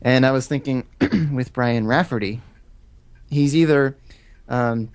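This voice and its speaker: A man's voice: mid-range voice, slow. Young guy calling in over video chat, tells little stories, lots of ums. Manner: storytelling, thoughtful, hesitant fillers. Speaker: co-host joining by video call. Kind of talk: casual chat. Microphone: video call.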